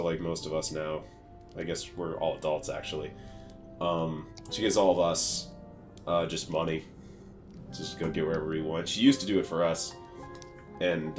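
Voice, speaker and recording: A young American man co-hosting a podcast, rambling through casual stories with lots of fillers and laughter. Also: low voice. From United States. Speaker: podcast co-host.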